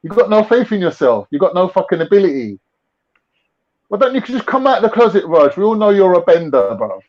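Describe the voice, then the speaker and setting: A man's voice: sits high, sing-song, a little fast, darkish tone. A young man with a London accent hosting a casual livestream chat, full of mocking slangy banter. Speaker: livestream host. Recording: lo-fi livestream audio.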